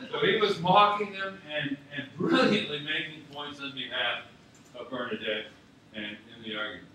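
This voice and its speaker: A man from Scotland tells stories at a memorial with a storyteller's ease, chuckling often. His mid-pitched voice booms around a large, very echoey theatre. The mic is far away and audience noise hangs behind him. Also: pushed and bright. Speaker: speaker at a memorial. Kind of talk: anecdotal memorial speech. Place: university theatre. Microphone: distant mic.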